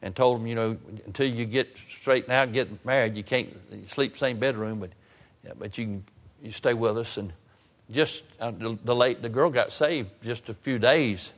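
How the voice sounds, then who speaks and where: Man preaching a heartfelt sermon. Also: normal speed. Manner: repetitive restarts, rising to raised emotional pitch when retelling his pleas. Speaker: pastor. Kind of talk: sermon storytelling.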